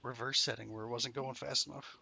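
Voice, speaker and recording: A man's voice: medium pitch, steady tone, fairly quick, gravelly, pushed and bright, slightly rough. Ranting, swearing young male streamer. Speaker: game streamer. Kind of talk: frustrated live-stream commentary. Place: home room while streaming.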